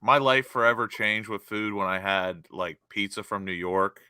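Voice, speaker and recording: Low, bright-voiced man, dry close sound. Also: normal speed, smooth, no echo. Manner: easygoing, curious questions, explains things at length. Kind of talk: casual chat.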